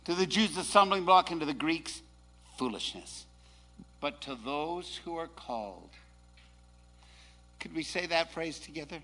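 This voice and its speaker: A man preaching a sermon, dropping to hushed asides and then rising to shouted proclamations. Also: on the high side, lively intonation, a little slow, pauses often, a little hiss or hum.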